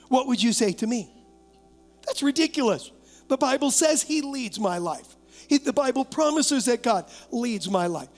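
High-voiced pastor preaching in a reverberant church. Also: male voice, a little slow, faint music behind. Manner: lively, coaxing the congregation to talk back; acts out imagined voices and doubts. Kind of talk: sermon. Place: church sanctuary, live service.

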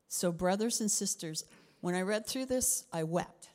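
A middle-aged Canadian woman preaching a sermon as a pastor, expressive, sometimes dropping her voice to a whisper for emphasis. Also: mid-range voice, a little slow, in a large hall.

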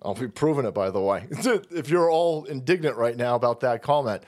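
A livestream host in his forties, with a medium-pitched, slightly mellow voice and a brisk pace, delivers a profane, mocking comedic rant and laughs often.

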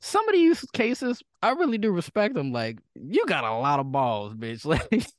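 A man in a loose podcast chat speaks with a swinging, lively pitch, riffing bluntly and crudely for comedy. His voice is close and dry, with no room sound. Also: normal speed, dry recording. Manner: blunt, profane, comedic ranting. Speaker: podcast co-host.

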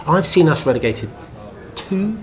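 Male co-host, animated storyteller, lively pitch, crowd noise behind. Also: unhurried. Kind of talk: casual chat.

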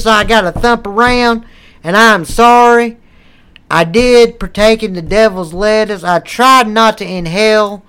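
High, bright-voiced man cursing and rambling. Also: clear, resonant tone. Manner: rambling, profane, laughing often. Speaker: podcast host. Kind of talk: crude comedic podcast banter.

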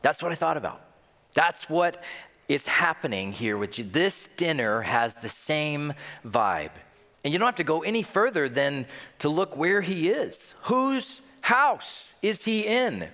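Animated male preacher in a reverberant hall. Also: mid-range voice. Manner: animated storytelling, acts out scenes. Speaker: pastor. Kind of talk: sermon.

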